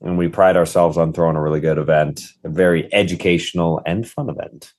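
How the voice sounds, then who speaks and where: A man co-hosting a casual podcast chat, an animated and jokey storyteller. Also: low-pitched, brisk. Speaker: podcast co-host and event organizer.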